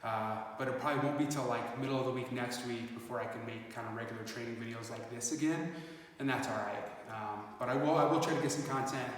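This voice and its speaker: In a casual fitness vlog, a man with a mid-range voice rambles reflectively and uses many fillers. He's picked up by a phone camera placed far off, so the audio comes across echoey and roomy.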